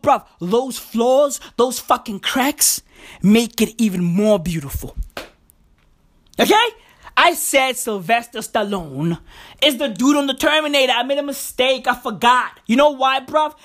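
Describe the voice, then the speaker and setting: Lively, slow-talking woman ranting profanely. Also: high-pitched. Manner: rambling, profane, repeats slang address "bruv". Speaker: podcast host. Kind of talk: freestyle comedic podcast monologue.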